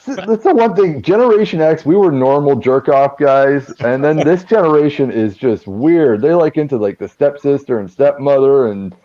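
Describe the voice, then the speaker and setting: A man in his forties trading jokes in a slow, drawling way during a casual live-stream chat. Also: medium pitch, expressive, dull audio.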